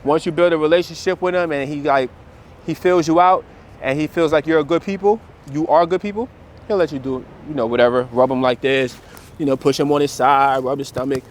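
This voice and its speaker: A man's voice: a little high, fairly quick. A man who trains dogs, chatting casually and with slang straight to his viewers while standing outdoors by a store. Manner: relaxed, conversational, slangy, talks straight to viewers. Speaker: dog trainer. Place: outdoors by a store in a built-up area.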